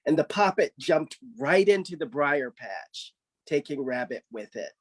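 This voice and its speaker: A man's voice: on the high side, animated, a little slow. A man reading his own folk-tale story aloud, narrating animatedly.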